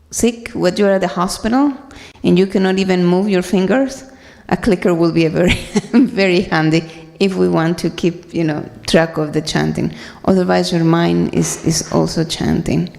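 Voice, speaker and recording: A woman giving an earnest, halting personal talk to a congregation, with many fillers and restarts. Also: lowish voice, steady tone, creaky, a little mellow, big-room sound. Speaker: speaker sharing at a devotional gathering.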